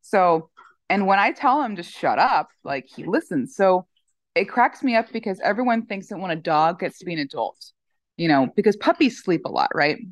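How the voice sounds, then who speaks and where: A middle-aged woman chatting in an interview, telling animated stories with lots of fillers. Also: medium pitch, moderate pace, no echo. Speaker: dog owner guest. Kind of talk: casual interview chat.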